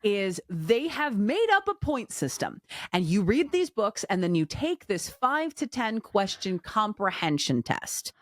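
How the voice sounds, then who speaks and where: A woman in her forties, co-hosting a casual podcast chat at a medium pitch. She tells stories candidly and acts out the dialogue, and the recording is dry and close. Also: a little slow, dry recording. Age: 40s. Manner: candid, animated storytelling with quoted dialogue. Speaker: podcast co-host.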